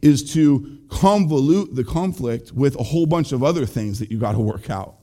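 A middle-aged pastor delivers an earnest sermon in a relaxed, conversational way, talking straight to his listeners. His voice is mellow and dark, sitting at an ordinary pitch for a man. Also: moderate pace. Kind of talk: sermon on marriage.

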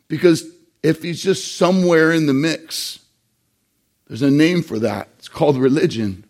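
A man pastor preaching a sermon, earnest, slowing down to stress key phrases and sometimes repeating words. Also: mid-range voice, a little mellow.

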